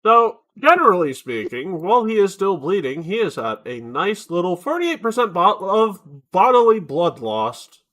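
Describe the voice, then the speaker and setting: A man narrating as game master for a tabletop game on a voice call, wry and lively. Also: high-pitched, moderate pace, hardly any pauses.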